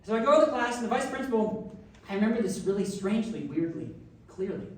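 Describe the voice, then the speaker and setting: A young adult man, a pastor, giving a sermon through an animated, self-deprecating personal story. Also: high voice, fast talker. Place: church sanctuary. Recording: echoey church hall from far off.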